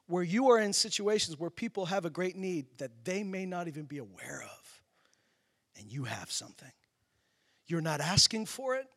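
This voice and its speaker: A man pastor delivering a sermon, telling stories in an animated way. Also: high-pitched. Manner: storytelling, animated, laughs through anecdotes. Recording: long hall reverb.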